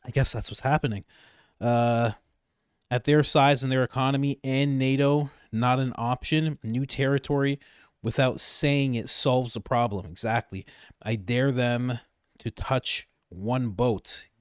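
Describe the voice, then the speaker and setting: A man giving casual political commentary, animated, laughing often and repeating his points for emphasis. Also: mid-range voice, unhurried, clear, resonant tone, no echo, clean studio sound.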